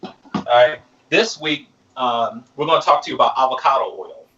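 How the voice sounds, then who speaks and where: Bright-voiced chef, a bit off mic. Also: male voice, medium pitch, normal speed, reverberant, far from the mic, lo-fi sound. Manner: relaxed, explains while cooking. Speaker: executive chef. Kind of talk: live cooking demo.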